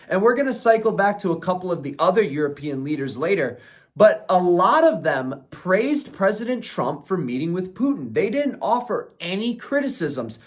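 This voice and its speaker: A young man with a slightly raised pitch, giving a solo news breakdown. He is blunt and opinionated and runs his points together in long chains of clauses. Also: sing-song, normal speed. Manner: opinionated, blunt, rambling run-on sentences. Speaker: political commentator. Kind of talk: solo commentary video.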